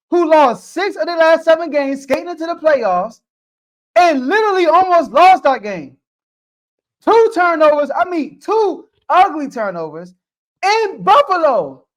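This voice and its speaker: A man from the United States who hosts a sports podcast. He debates in an animated, casual way, throws out rhetorical questions and speaks directly to the athletes. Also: very high voice. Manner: animated, rhetorical, talks straight to the players.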